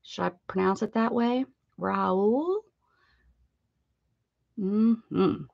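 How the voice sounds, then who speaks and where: A woman's voice: medium pitch, expressive, a little slow, creaky, no echo, muffled recording. A woman hosting an art livestream, chatting playfully with viewers, laughing often and singing a short welcome jingle. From United States. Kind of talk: casual chat greeting viewers.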